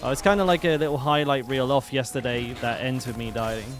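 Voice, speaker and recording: A man's voice: mid-range voice, fairly even intonation, fairly quick, over music. A man casually commenting while he plays a game on stream, chatting with viewers and swearing now and then.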